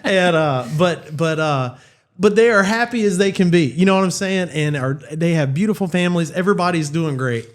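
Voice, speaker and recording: A man's voice: fairly high pitch, lively intonation, fairly quick. A man, a church youth leader, telling a story casually and animatedly, with frequent fillers and laughter.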